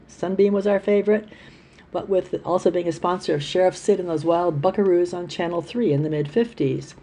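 A woman reading newspaper columns aloud in a steady, plain way, with the odd stumble over a word. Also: lowish voice, breathy edge.

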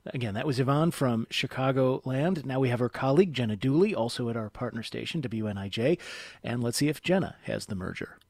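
A man's voice: mid-range voice, lively intonation, fairly quick, vocal fry, a little mellow, dry recording. Curious male radio host, dry studio. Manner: conversational, curious questioning. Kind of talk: radio talk show hosting.

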